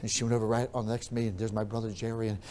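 Guy preaching a sermon, goes quiet then really loud, says stuff over and over. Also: lowish voice, little pitch movement, very fast, a little hiss or hum. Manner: repeats phrases for emphasis. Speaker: pastor.

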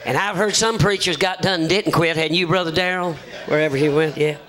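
A man's voice: a little high, steady tone, fairly quick, a bit bright. Folksy preacher man telling jokes. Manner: folksy joking, acts out voices in his stories. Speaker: visiting preacher. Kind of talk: folksy sermon with humorous stories.

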